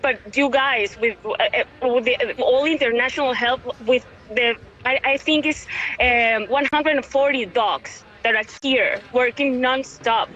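A woman's voice: a little high, pushed and bright, lo-fi sound, slight background noise. A woman, calling into an interview, tearful and overwhelmed, stumbling over repeated words. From Venezuela. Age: 30s. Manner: halting, many restarts and repeated words. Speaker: caller, local witness. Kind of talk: emotional phone interview.

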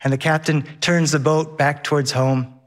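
Man, live storyteller, animated, slightly higher voice, audience laughter. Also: moderate pace. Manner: animated, shifts into voices of his child and the captain.

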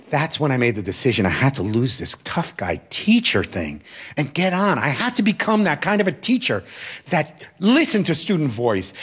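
A middle-aged man and educator telling a personal story in an emphatic, reflective way. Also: a little high.

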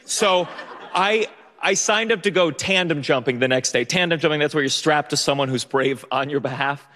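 On stage before an audience, a young man tells a personal story, nervous and self-mocking, restarting often and laughing a lot. His voice is a little high, pushed and bright, at normal speed. The recording carries a long stage reverb.

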